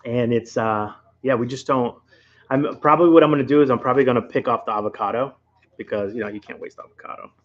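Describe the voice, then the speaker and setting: A man's voice: medium pitch, fast talker, highs cut off. A man with a Rhode Island accent hosting a casual late-night livestream from home, rambling and chatting straight to his viewers. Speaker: livestream host.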